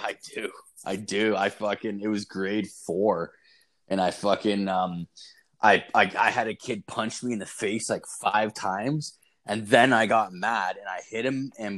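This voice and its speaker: A man's voice: fairly low pitch, a bit bright. A young man telling stories in casual chat, rambling, swearing constantly and laughing as he talks.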